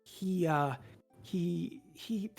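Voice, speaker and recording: A woman's voice: fairly low pitch, extremely slow, vocal fry, darkish tone, soft background music, full character voice. A woman doing a doting old cook. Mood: fond. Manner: rambling, hesitant, doting. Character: kindly older woman cook, chatty and fussy.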